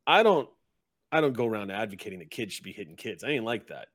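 A man's voice: on the low side, lively intonation, quick pace, a bit bright, no echo, clean studio sound. Crude chummy redcap cab driver guy, swears a lot, grinning, a man doing the voice.

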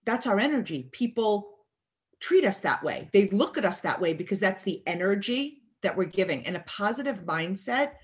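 A woman's voice: mid-range voice, very animated, moderate pace. A woman as an interview guest, talking emphatically about mindset and acting out people's thoughts in quotes. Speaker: guest speaker. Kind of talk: motivational interview talk.

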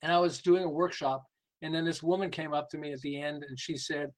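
An older man speaks as an interview guest, telling workplace and family stories with lots of energy. His voice sits high for a man, and he acts out the other people in his stories and laughs often. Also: fairly even intonation, a little fast, low-quality recording. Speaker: guest, sales and behavior coach. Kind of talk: lively interview storytelling.

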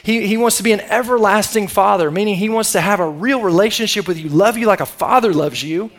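This middle-aged man preaches as pastor with a high, fairly bright voice at a fairly quick pace. His sermon feels conversational, and he invites the congregation to call back.

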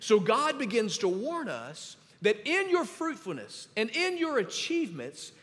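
A man's voice: very high voice, wildly swooping pitch, measured pace, fairly bright tone. A man preaching a sermon as pastor, emphatic and instructive, in a church with echoey hall reverb. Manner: emphatic, instructing the congregation to underline verses.

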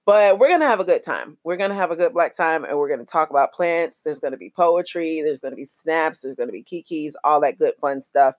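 A woman podcast host, talking in a lively, chatty, affectionate way full of slang as she wraps up her show. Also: low-pitched, brisk, few pauses, no room sound, studio quality. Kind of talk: casual podcast outro.

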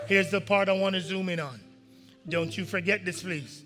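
A man preaching a sermon, reading scripture with the congregation and breaking off to explain it, often rising to shouts. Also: sits high, fairly even intonation, normal speed, big-room sound, soft background music. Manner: preaching with call-and-response to the congregation. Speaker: pastor.

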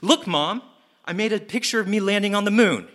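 A man voicing an eager young boy who keeps begging his mother to notice his work. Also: a little fast. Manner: high, excited childlike voice.

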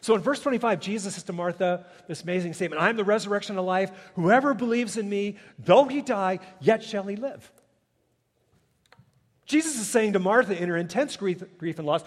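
A man preaching a sermon as a pastor, swinging between loud emphatic peaks and hushed, quiet passages. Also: high voice, expressive, moderate pace, long reverb tail. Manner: dynamic preaching, swelling loud then dropping soft.

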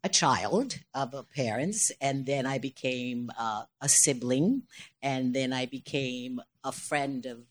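An older woman, a stage actress, speaking as a panel guest before an audience, expressive and often laughing, restarting her sentences. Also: rumbling low, takes it slowly.

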